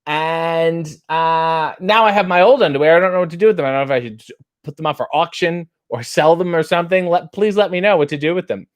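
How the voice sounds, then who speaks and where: Host, male, higher-than-average voice, dry self-deprecating humor, casual chat delivery. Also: brisk. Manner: wry, jokey, self-mocking. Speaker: host reading chat questions.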